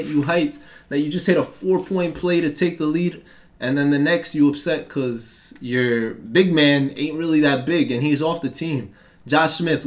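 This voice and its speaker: Young man, gaming commentary, loud highs, low grumbles. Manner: swings between hype yelling and deflated muttering. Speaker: gaming YouTuber. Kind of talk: live gameplay commentary.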